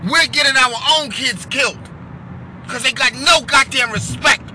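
A man giving loud, profane commentary in a rant that breaks into shouting. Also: very high-pitched, normal speed, noisy background. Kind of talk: ranting commentary.

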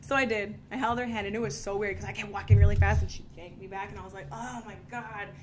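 A woman giving a candid, animated personal testimony to an audience, laughing often and using casual fillers. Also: medium pitch, rapid-fire, noisy background. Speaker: speaker sharing a recovery story.

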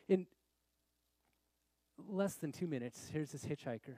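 A middle-aged man preaching a sermon as a pastor, telling a story in an animated way that swings between loud exclamations and quiet confession. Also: fairly high pitch, unhurried, pauses often, no room sound.

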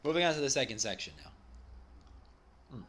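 In a mid-range voice that is animated, a little fast, and a bit bright, a man leads a Talmud study lecture. Each Aramaic phrase he reads gets a plain-English translation, and he explains things step by step conversationally, correcting himself slightly as he goes.

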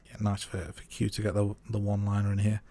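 Quick-paced and warm, yet completely flat in delivery, a low-voiced man co-hosts a podcast conversation about a film. He's self-deprecating, laughs at his own remarks and keeps stumbling and starting sentences over.

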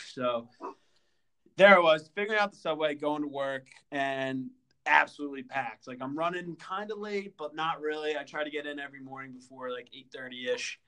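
A young man co-hosting a podcast, telling a story in casual chat, animated and full of fillers and stutters. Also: on the high side. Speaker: podcast co-host.

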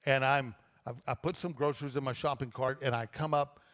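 A man's voice: mid-range voice, fairly even intonation, fairly quick, a bit bright. A man preaching a sermon as pastor, talking in a loose, conversational way with frequent restarts. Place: church auditorium. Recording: long reverb of a church auditorium.

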